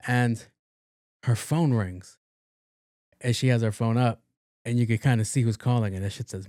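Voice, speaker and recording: A man's voice: mid-range voice, fairly even intonation, moderate pace, pauses often, darkish tone, no echo. Podcast host, male, loose profane storyteller, dry close sound. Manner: casual, profane, acts out the voices in his stories. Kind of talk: casual storytelling.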